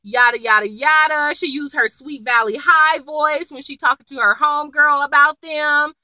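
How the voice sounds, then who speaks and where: A young woman with a high, very bright voice chats through a TV episode recap. She is slangy and animated and acts out the characters' lines, and her pitch swings all over. The sound is dry and close. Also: normal speed, no echo, rough recording. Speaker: TV episode reviewer. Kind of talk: casual chatty recap.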